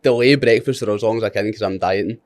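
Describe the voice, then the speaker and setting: A man's voice: on the low side, quick pace. A Scottish man guesting on a podcast, chatting casually, rambling and laughing easily.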